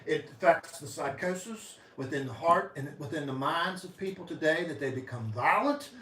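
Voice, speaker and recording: A man preaching a fervent sermon, rising to loud declarations and dropping to hushed lines. His slightly high voice rings through a reverberant church room, caught from a distance with faint hiss behind it. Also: animated, normal speed. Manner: impassioned preaching, voice swinging loud and soft. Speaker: pastor. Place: church sanctuary.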